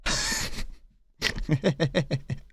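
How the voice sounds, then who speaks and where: A man's voice: high-pitched, wildly swooping pitch, extremely slow, vocal fry, background noise. A young British man streaming live, chatting casually in a rambling, self-deprecating way with frequent chuckles, close to a desk microphone. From Britain. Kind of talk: casual chat while gaming live.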